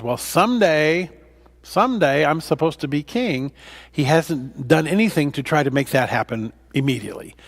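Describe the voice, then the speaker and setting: A man, a pastor, leading a Bible study in a conversational way, with fillers and restarts, acting out the scripture dialogue. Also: on the high side. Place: church.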